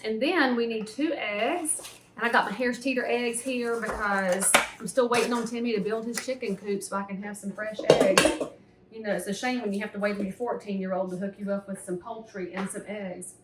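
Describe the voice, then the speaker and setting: A woman's voice: mid-range voice, steady tone, brisk, recorded from a distance. A woman in her forties with a Southern American accent, hosting a home cooking show in a folksy, opinionated, chatty way. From Southern United States. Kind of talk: casual cooking demonstration. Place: home kitchen. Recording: roomy, mic some way off, faint hiss.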